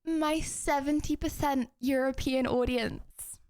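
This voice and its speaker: A young woman streamer chatting casually with her viewers in an excitable, giggly, rambling way. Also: sits high, takes it slowly. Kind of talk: casual live-stream chat.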